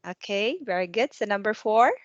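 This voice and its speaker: A woman tutoring English one to one over a video call, asking patient questions and explaining slowly with some non-native grammar. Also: medium pitch, dry recording, muffled recording. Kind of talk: one-to-one online English lesson.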